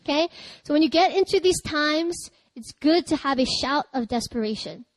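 A woman pastor giving a lively, chatty sermon, breaking into laughter and loud cries. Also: high voice, normal speed, no echo, low-quality recording.

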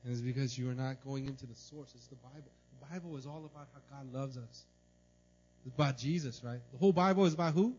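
A man preaching a sermon in a church, telling a personal story in an animated way and often asking "right?". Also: medium pitch, fast. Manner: animated, tells stories, repeats "right?". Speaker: pastor. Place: church service. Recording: dull lo-fi recording.

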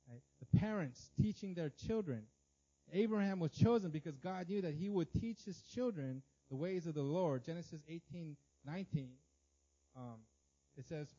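A man's voice: on the high side, warm tone, muffled recording. A man preaching a sermon to his congregation, in a loose conversational way with fillers and rhetorical questions. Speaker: pastor.

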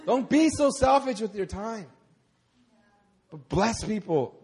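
A man preaching a sermon at a church service, animated and repeating words for emphasis. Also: sits high, takes it slowly, vocal fry, breathy edge. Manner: animated, acts out quoted voices, repeats words when stressing. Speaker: pastor.

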